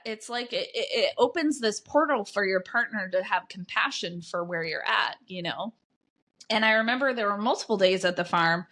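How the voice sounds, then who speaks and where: A woman's voice: medium pitch, fairly bright tone. A woman coach hosting her own podcast, talking candidly and bluntly to listeners, swearing freely as she tells her own story. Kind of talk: candid solo podcast monologue.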